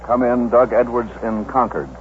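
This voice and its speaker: An actor playing a studio news anchor in a 1950s radio drama, with a measured, formal announcer delivery. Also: male voice, mid-range voice, natural voice. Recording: tinny old radio broadcast, faint hiss.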